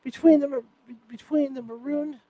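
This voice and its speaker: A woman's voice: sits high, steady tone, moderate pace, warm tone, low-quality recording. A woman reading a first-person novel aloud, unpolished, with restarts and self-corrections. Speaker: author reading her novel.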